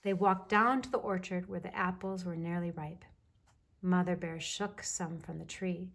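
A woman narrating a children's storybook in a soft, measured way with a breathy voice. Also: on the low side, fairly even intonation.

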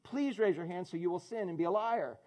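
A man's voice: high-pitched, a little fast, a little mellow. A man preaching a sermon as pastor, conversational and joking, calling on people in the congregation by name. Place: church in front of a congregation.

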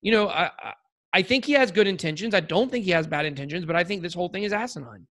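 A man's voice: high-pitched, fast, a bit bright. A man co-hosting a podcast in casual chat, rambling and joking with lots of restarts and fillers. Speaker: podcast co-host.

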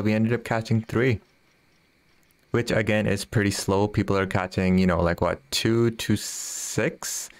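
Chatty guy streaming, low-ish smooth voice, dry close mic. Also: no room sound. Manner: chatty, laughs often, reads viewer messages aloud. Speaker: game streamer. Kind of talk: casual live-stream chat.

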